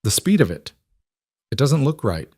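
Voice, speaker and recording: A man's voice: medium pitch, very animated, moderate pace, a little mellow, husky, dry recording, studio quality, pitched above the performer's own voice. A man voicing a frontier townswoman who stands up for the widow with resolve. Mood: resolute. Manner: earnest, resolute. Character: repentant townswoman, determined.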